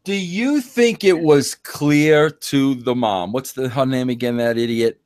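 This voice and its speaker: A man's voice: medium pitch, unhurried, darkish tone, no room sound. A man hosting a casual gossip chat, asking emphatic, incredulous questions. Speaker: podcast host.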